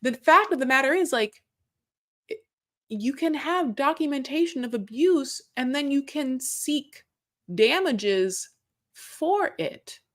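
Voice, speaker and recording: A woman's voice: sits high, animated, slow pace, fairly bright tone. A woman host chatting casually as she recaps reality TV. She rambles, talks in circles and swears.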